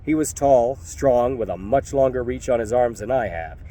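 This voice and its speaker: A man reads a first-person novel aloud in a wry, loose, conversational way, swearing freely as he tells it. His voice sits at an everyday middle pitch. The delivery feels like a story told to a friend. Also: normal speed, dark tone. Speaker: audiobook narrator.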